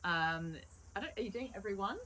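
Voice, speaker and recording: A woman's voice: medium pitch, animated, brisk, bright, forceful tone, a little hiss or hum, poor audio. Encouraging woman interviewer. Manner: encouraging, many short backchannels. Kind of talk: casual interview chat.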